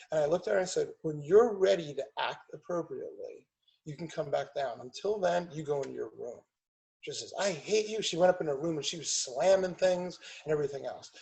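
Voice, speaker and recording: A middle-aged man telling a family story on a podcast, emphatic and animated, acting out what people said. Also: sits high, poor audio. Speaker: podcast guest, chiropractor and business owner.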